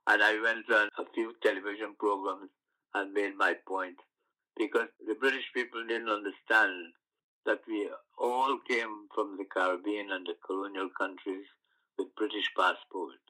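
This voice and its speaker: An older man from the West Indies, recalling his past in an oral history interview, telling stories with halting restarts. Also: fairly low pitch, low-quality recording. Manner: storytelling, animated recollections with halting restarts.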